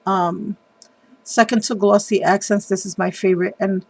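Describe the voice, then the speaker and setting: A woman's voice: medium pitch, fairly even intonation, normal speed, no echo. Chatty woman showing off a handmade card. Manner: chatty and enthusiastic, with frequent ums. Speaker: papercraft video host. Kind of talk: casual craft show-and-tell.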